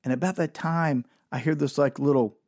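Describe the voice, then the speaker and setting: A man's voice: fairly high pitch, steady tone, moderate pace, a little mellow, dry recording, studio quality. A man telling a rambling, exasperated comic story about a family trip.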